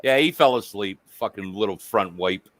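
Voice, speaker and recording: A man's voice: lowish voice, normal speed. A man hosting a casual live-stream chat, joking crudely and swearing freely. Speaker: host.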